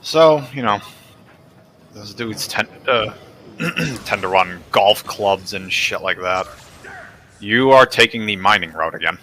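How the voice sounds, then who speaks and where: A man's voice: lowish voice, slow, bright, forceful tone, slight background noise. A man chatting casually as a co-op gaming partner, making dry, sarcastic remarks. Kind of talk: casual gameplay chat.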